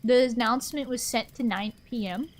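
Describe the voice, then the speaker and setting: A woman's voice: fairly high pitch, moderate pace, a little hiss or hum. A young woman streamer chatting casually with her live audience, rambling and answering chat aloud.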